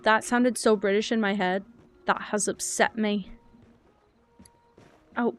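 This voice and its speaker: Woman streamer, casual and chatty, mid-pitch, wanders between topics while she plays. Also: steady tone, slow, long pauses, soft background music. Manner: rambling, chatty, reads chat aloud. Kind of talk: casual gaming stream chat.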